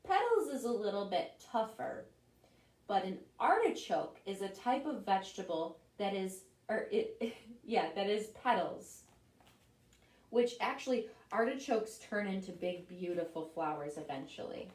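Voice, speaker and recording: A woman librarian reading picture books at a children's storytime, animated and asking the children questions. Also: mid-range voice, a little slow. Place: library room. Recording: roomy echo, voice from a distance.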